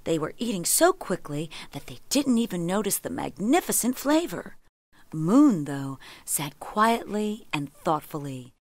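A woman reads a children's story aloud, slowly and gently. Her voice sits a little low but moves through a wide, lively melody. The recording is dry and close, with no room sound. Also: no room sound. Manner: gentle, expressive read-aloud with voiced characters.

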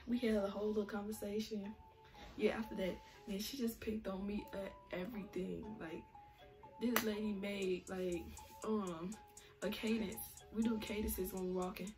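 A woman's voice: mid-range voice, moderate pace. A young woman telling a story in a casual, slangy way, laughing often. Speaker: vlogger. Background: music.

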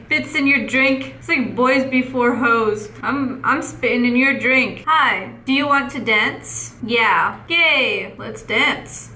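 A female gaming YouTuber laughs often while giving playful, teasing commentary over her gameplay. Her high-pitched voice is sharp and unhurried, and the room sounds echoey.

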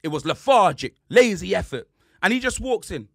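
A man trading football banter on a podcast, trash-talking in street slang with bursts of shouting. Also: sits high, very animated, moderate pace, creaky, dry recording, clean studio sound. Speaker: podcast co-host, football fan.

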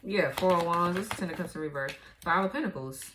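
A woman's voice: fairly low pitch, fairly quick, background noise. A woman giving a casual tarot reading, blunt and profane, laughing often as she goes. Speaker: tarot reader.

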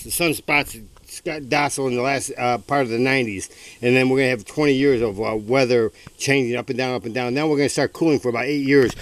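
A man's voice: medium pitch, a bit bright. Furious, profane man ranting outdoors. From United States. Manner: furious, profane, sneering mockery. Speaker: vlogger. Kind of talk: angry outdoor rant to camera. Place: outdoors in strong wind.

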